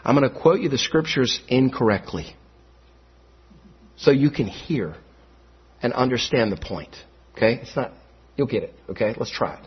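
A middle-aged man preaching a sermon in a chapel, swinging between high, loud, fast outbursts and low, quiet asides. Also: lively intonation, slightly rough. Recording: muffled dull recording.

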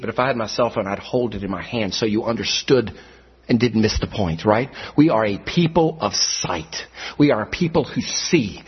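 A middle-aged man preaching a sermon in a chapel, swinging between high, loud, fast outbursts and low, quiet asides. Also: breathy edge. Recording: muffled dull recording.

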